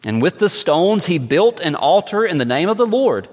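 A man reading scripture aloud in a measured, slow way with dramatic pauses. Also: high-pitched, big pitch swings, darkish tone. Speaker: scripture reader. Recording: long echoing reverb.

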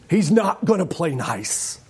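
A man preaching a sermon in a lively, joking way, often acting out the voices of the people he quotes. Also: on the high side, husky. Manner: animated, jokey, acts out quoted voices. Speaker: pastor.

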